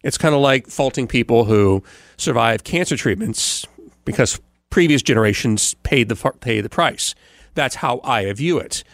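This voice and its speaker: Rambling morning radio host, dry mic. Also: male voice, medium pitch, expressive, moderate pace, gravelly, no room sound. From United States. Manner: rambling, many fillers and restarts. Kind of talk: casual podcast recap monologue.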